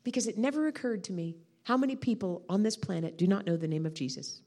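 A woman's voice: medium pitch, lively intonation, quick pace, dark tone. A woman preaching a sermon, telling a personal testimony with heartfelt emotion. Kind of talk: storytelling sermon.

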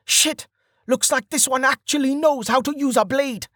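A man voicing a young male archer who curses and shouts through a desperate fight in an audiobook. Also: extremely high pitch, normal speed, no room sound, clean studio sound, voice pushed up. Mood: strained.

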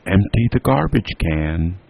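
A man's voice: low-pitched, sing-song, measured pace, vocal fry, a little mellow, voice pushed up, heavily acted. A man voicing a stern, insistent mother who keeps repeating orders to her two boys.

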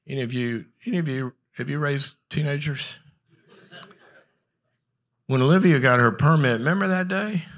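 Bright-voiced man telling stories. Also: mid-range voice. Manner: animated, acts out dialogue in anecdotes. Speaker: psychologist and speaker. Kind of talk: humorous storytelling talk to a live audience.

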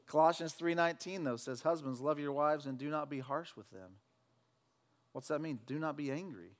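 A pastor preaching a sermon, swinging between loud fervent declarations and relaxed, joking talk with the congregation. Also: male voice, on the high side, fairly quick. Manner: preaching with loud emphatic shouts, then conversational with jokes.

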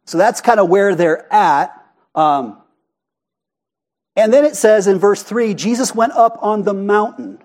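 A pastor with an Arizona accent and a strikingly high voice preaches in a church sanctuary. His sermon is conversational and animated, and he frequently pauses to put questions to the congregation.

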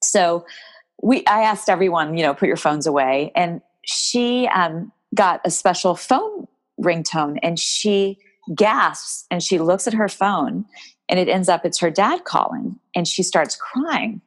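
Low-voiced woman telling a heartfelt story. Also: animated, measured pace. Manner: emotional, tearful while telling a story; rambling with many restarts. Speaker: guest, game creator. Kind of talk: conversational interview storytelling.

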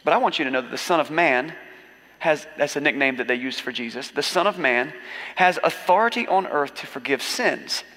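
A man's voice: on the high side, lively intonation, brisk, pushed and bright, big-room sound. A man preaching a sermon as a pastor, in a casual, joking storytelling manner with acted asides.

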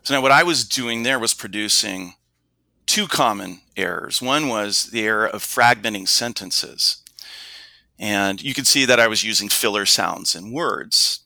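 Bright-voiced middle-aged male coach. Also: on the low side, gravelly, no echo. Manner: measured, instructive, demonstrates points with his own voice. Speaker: communication coach. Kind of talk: explanatory interview talk.

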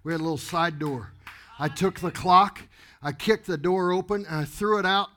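A pastor telling a story in an animated, exuberant sermon to a congregation in a church. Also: male voice, high-pitched, moderate pace. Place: church sanctuary before a congregation.

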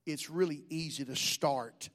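High-voiced joking pastor. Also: male voice, a little slow, a bit bright. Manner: folksy, joking storytelling preacher. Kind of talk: sermon.

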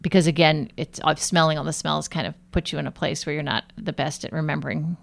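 Woman interviewee, healthcare guest; deep, slightly fried voice; relaxed, animated, rambling delivery. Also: fast talker, gravelly. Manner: chatty, animated storytelling with many fillers. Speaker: nurse and aromatherapist guest. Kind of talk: casual interview chat.

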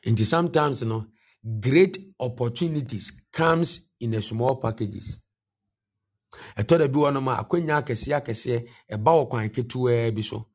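A man's voice: medium pitch, moderate pace, husky. A Ghanaian man preaching a morning devotion sermon. He mixes Twi and English and repeats key phrases for emphasis. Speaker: pastor.

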